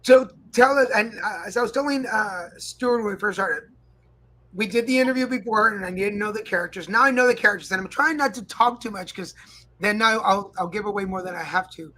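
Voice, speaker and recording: Rambling bright-voiced male host. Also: sits high, fairly quick, low-quality recording. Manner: rambling, self-interrupting questions. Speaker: live stream host. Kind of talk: casual interview.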